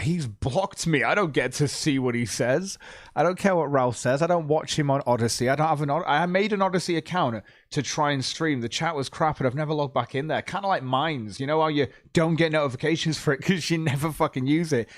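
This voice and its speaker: A man's voice: medium pitch, no echo, clean studio sound. A man streaming live, chatting casually in a rambling way with a lot of swearing and stumbling. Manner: rambling, profane, hesitant.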